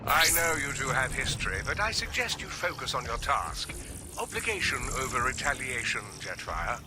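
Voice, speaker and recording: An actor playing a precise, pedantic robot scientist who speaks in formal, careful language. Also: male voice, medium pitch, sing-song, moderate pace, over music, close to an everyday voice. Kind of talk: video game voice acting.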